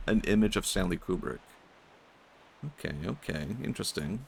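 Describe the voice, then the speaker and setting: A man with a Swedish accent chatting in a low-key, monotone way while streaming a game. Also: brisk, gravelly, a little hiss or hum. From Sweden. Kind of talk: casual gaming commentary.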